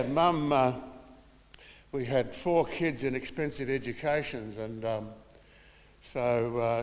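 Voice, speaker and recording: Older Australian man telling stories in an echoey hall. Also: medium pitch. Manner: storytelling, acts out quoted voices, chuckling. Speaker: son giving a eulogy. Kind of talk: funeral eulogy with anecdotes. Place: small funeral room. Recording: reverberant room with long echo.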